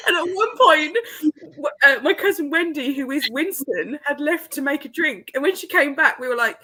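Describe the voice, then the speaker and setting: A woman with a high, very lively, bright voice, telling stories with excitement. She laughs through her sentences as she chats. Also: normal speed, dry recording. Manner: animated storyteller, laughs through her words. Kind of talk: casual chat.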